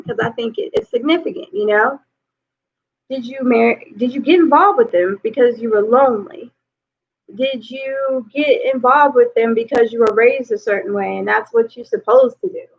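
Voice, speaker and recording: A woman's voice: fairly high pitch, moderate pace, vocal fry. A woman life coach giving relationship advice in a loose, conversational way, often saying "you know". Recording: tinny phone-like sound.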